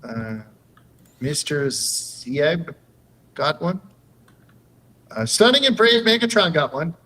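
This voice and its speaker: A man's voice: fairly high pitch, expressive, takes it slowly, pushed and bright, low-quality recording. A young man hosting a casual live stream, joking loosely and reading chat aloud as he clicks around. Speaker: streamer and host.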